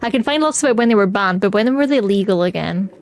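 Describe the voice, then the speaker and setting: A woman with a Scottish Highlands accent touched by the Western Isles, chatting casually with her chat while gaming and laughing easily. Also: animated, fast talker. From Scotland. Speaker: streamer.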